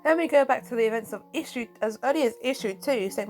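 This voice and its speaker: A woman recaps a comic book in a relaxed, chatty style, animated and quick to react. Her voice sits on the higher side. She comes across as casual and engaged. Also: music in the background, poor audio.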